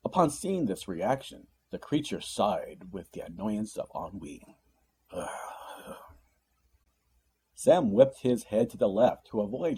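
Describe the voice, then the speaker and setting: Expressive male audiobook narrator. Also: lowish voice, breathy edge. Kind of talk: scripted narration.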